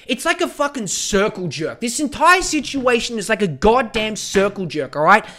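High-voiced man ranting on a podcast. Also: sing-song, moderate pace, bright, forceful tone, a little hiss or hum. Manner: profane, heated, stammering restarts. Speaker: podcast host. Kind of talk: ranting solo podcast monologue.

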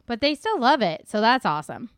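A woman's voice: a little high, sing-song, brisk, fairly bright tone, clear, resonant tone, no echo, studio quality. A woman in her thirties co-hosting a casual faith podcast, chatting with lots of "like" and "you know". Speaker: podcast co-host.

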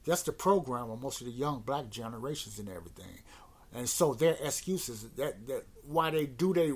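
A man with a husky, mid-pitched voice talks through a casual rant on his own podcast. He rambles and repeats words, sounding exasperated as he goes. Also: expressive, normal speed. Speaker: podcast host.

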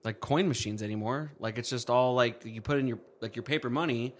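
A man's voice: medium pitch, a little fast. A young man co-hosting a casual podcast, rambling with lots of fillers and frequent laughs. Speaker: podcast co-host. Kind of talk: casual chat.

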